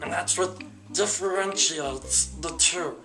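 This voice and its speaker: A man doing a raspy, spitting creature voice in a documentary draft with music behind. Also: sits high, slow pace, pitched above the performer's own voice. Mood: hissing. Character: raspy low creature that spits, sly and hunched.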